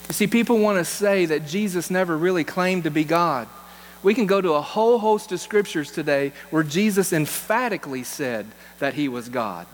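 A man's voice: a little high, animated, moderate pace. A man, a pastor, preaching a sermon in an earnest way, repeating key phrases for emphasis. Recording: long hall reverb with faint mains hum.

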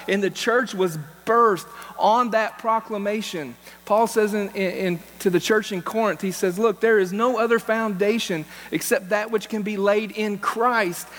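A man's voice: high voice, a bit bright. A man, a pastor, preaching a sermon in an earnest way, repeating key phrases for emphasis. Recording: long hall reverb with faint mains hum.

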